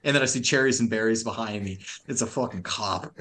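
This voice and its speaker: A man's voice: fairly low pitch, fairly quick, a bit bright. A young adult man on a podcast, telling a long story in rambling, profane, laugh-filled casual chat.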